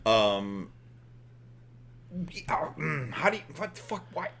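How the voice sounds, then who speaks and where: A man's voice: fairly high pitch, big pitch swings, slow, gravelly, fairly bright tone, a little hiss or hum. A young man co-hosting a podcast, chatting casually in a meandering, joking way and swearing often. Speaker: podcast co-host. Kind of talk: casual chat.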